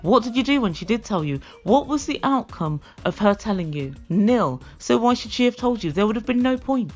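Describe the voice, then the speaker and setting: A woman's voice: fairly high pitch, expressive, moderate pace. A woman hosting a comedic reality TV review, sarcastic and given to acting out the quotes. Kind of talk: comedic recap commentary. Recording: dull lo-fi recording with faint music.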